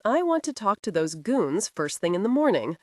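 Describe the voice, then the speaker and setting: A woman reading the part of a self-assured male crime boss, dry and unhurried. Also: medium pitch, very animated, a little mellow, no room sound, close to an everyday voice. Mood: coolly amused. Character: cool, powerful older male crime boss.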